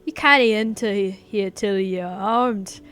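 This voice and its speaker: A woman voicing a blustery male combat master, attempting a Scottish accent in a loud, commanding way. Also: medium pitch, slow pace. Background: game music.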